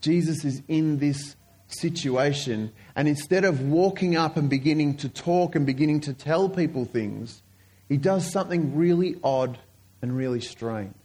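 A man preaching a sermon, telling stories earnestly and slowing down to stress key points. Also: on the high side, dark tone, breathy edge. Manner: earnest storytelling, slowing down for emphasis.

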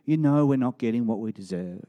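A man's voice: medium pitch, a little fast, highs cut off. Emphatic male preacher. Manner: emphatic, rising to animated storytelling. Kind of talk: sermon.

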